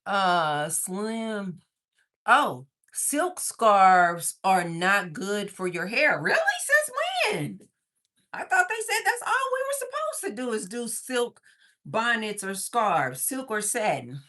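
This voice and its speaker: Bright-voiced woman chatting on a livestream. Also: mid-range voice, big pitch swings, takes it slowly. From Missouri, USA. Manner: chatty, reads viewer comments aloud, laughs often, exclaims. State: slightly out of breath from moving. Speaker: livestream host. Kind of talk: casual livestream chat.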